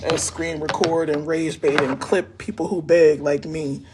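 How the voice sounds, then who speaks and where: A man's voice: on the high side, level tone, measured pace, noisy background. A man from Harrisburg, Pennsylvania, ranting into his phone on a live stream, heated and profane. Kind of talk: angry live-stream rant.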